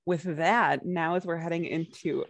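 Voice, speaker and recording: A young woman co-hosting a podcast in relaxed casual conversation. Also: on the low side, moderate pace, gravelly. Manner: relaxed, conversational, uses fillers. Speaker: podcast co-host. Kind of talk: casual chat.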